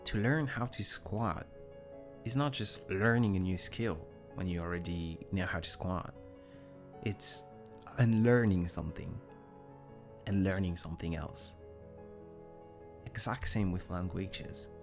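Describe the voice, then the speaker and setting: A man's voice: low-pitched, measured pace, long pauses, over music. A young man with a French accent, chatting casually on a live stream, rambling and self-deprecating as he answers viewer comments. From Germany. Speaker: livestream host.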